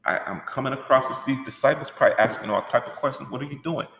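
A man teaching a church workshop in an animated, conversational way, asking rhetorical questions. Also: medium pitch, fast, vocal fry. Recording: echoey hall with long reverb.

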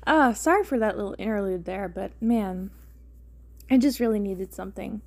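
A woman's voice: mid-range voice, moderate pace, vocal fry, a little mellow. A young woman hosting a comedic reading of fan fiction, rambling and wry, often stopping to comment. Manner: rambling, self-interrupting, wry. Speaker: host.

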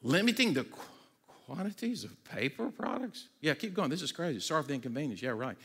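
Male pastor, bright forceful tone, a bit high-pitched, conversational sermon delivery with stumbling restarts. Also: brisk, vocal fry, husky, in a large hall. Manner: energetic and conversational, with humorous asides; frequent stammered restarts.

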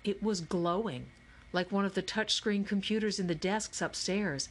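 A woman narrating a children's novel as an audiobook, in a clear, even storytelling manner. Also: mid-range voice, moderate pace. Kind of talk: scripted narration.

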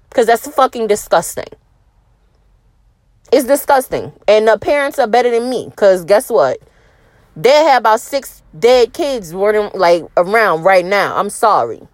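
A woman's voice: a little high, no room sound, studio quality. Blunt, profane woman podcast host. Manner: blunt, profane, animated ranting with laughs. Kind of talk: casual solo podcast talk.

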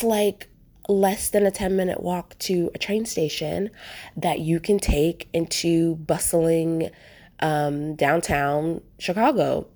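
A woman's voice: lowish voice, warm tone. A woman telling travel stories in a casual vlog, chatty and rambling, with lots of fillers and restarts. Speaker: travel vlogger.

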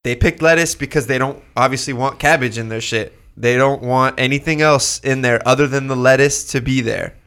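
A man's voice: medium pitch, fairly quick, few pauses, a bit bright, clean tone. A man co-hosting a casual podcast chat who argues in an emphatic, teasing way.

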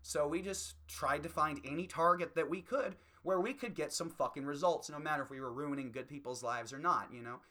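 A man's voice: fairly high pitch, a little fast, hardly any pauses, pushed and bright. A man doing a heated, profane stand-up rant as a comedian.

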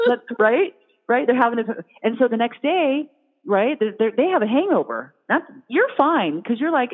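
A woman in casual conversation, telling an animated story and putting on playful little voices for imagined critters. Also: on the high side, moderate pace. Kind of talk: casual chat. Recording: phone-like sound in a long-reverb hall.

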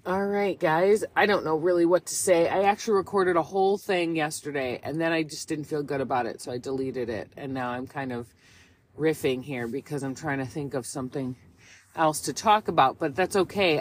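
A tired woman in her thirties talks through a casual solo podcast, rambling from one thought to the next. She is candid and swears freely, her voice sounding worn out and prone to yawns. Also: low-pitched. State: tired, yawning. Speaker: podcast host.

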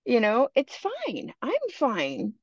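A woman's voice: fairly high pitch, wildly swooping pitch, takes it slowly, slightly rough, dry recording, voice pushed up, exaggerated voice. A woman voicing a young man who keeps protesting that he is fine and brushing off worry. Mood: insistent. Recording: dull lo-fi dry podcast recording.

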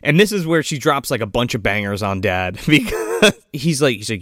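A man co-hosting a podcast, chatting casually about a movie, laid-back and profane, with quick goofy impressions. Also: medium pitch, very animated, a bit bright, no echo, clean studio sound. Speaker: podcast co-host. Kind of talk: casual movie recap chat.

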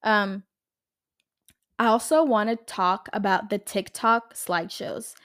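A woman's voice: mid-range voice, fairly even intonation, slow, a bit bright. A woman in her twenties from the Los Angeles area, hosting a casual solo podcast, rambling and chatty, swearing freely and saying "like" and "literally" a lot. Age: 20s. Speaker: podcast host.

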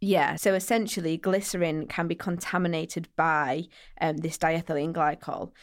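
A woman co-hosts a casual podcast, her voice sitting a little low. She tells stories with animation, slipping into the voices of the people in them. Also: moderate pace. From England. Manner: animated storyteller, acts out quoted voices. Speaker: podcast co-host. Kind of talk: casual chat.

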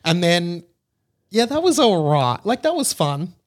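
A man's voice: high-pitched, very animated, measured pace. Rambling man recapping a trip. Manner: rambling, filler-heavy storytelling. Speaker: podcast host. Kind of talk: casual travel recap chat.

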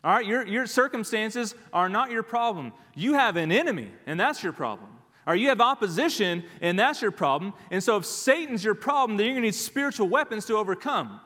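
A man preaching in a church sanctuary, his fairly high voice ringing with a long hall reverb. He drives home each point with emphatic repetition and a steady "all right." It sounds like a pastor in the middle of a sermon. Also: brisk, hardly any pauses. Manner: emphatic, repeats key phrases, frequent "all right".

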